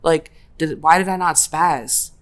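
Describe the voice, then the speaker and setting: A young woman with a low, deep voice hosts a casual podcast. She tells a personal story in slangy, animated talk and voices her own quoted lines. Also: measured pace. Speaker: podcast host.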